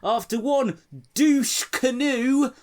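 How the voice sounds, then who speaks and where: A man doing a shrill gushing fan in mock Australian. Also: takes it slowly, a little mellow. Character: gushing male online fan poster, shrill and overexcited.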